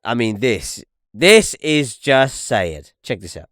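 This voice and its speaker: A man's voice: mid-range voice, big pitch swings, slow pace, fairly bright tone, a little hiss or hum. Ranting, profane young man. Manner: ranting, profane, repeats "look" and "okay". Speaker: podcast host. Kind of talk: casual commentary over video clips.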